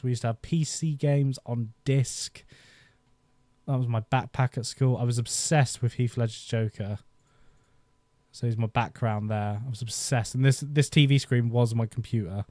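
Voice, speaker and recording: Rambling nostalgic man, mellow voice. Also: medium pitch, steady tone, normal speed, no echo. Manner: rambling, nostalgic, laughs often. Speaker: YouTube host. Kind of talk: casual live-stream chat. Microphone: desk microphone.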